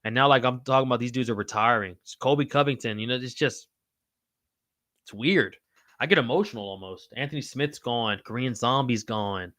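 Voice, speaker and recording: A man's voice: medium pitch, fairly quick, a bit bright, no room sound, clean studio sound. A man hosting a casual livestream podcast, reading chat aloud in a loose, slangy, profane way. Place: home room with wall signs.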